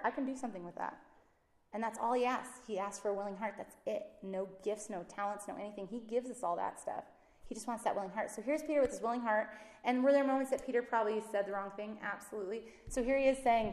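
A woman teaches from the Bible in a relaxed, conversational way, slipping into quick acted voices for the people she quotes. Her voice sits at an ordinary middle pitch. The room around her gives a noticeable echo. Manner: chatty and animated, acts out quotes with rising pitch. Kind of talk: casual devotional teaching.

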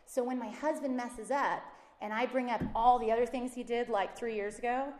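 Animated woman in a roomy echo. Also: fairly high pitch, normal speed. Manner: animated, acts out quoted voices. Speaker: Christian speaker and mother. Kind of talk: casual faith talk.

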